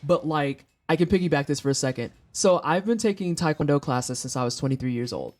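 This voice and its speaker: A streamer host in her thirties chats casually on a live stream in a deep voice, talking a little fast. She tells animated, profane stories and exaggerates the voices of the people she quotes.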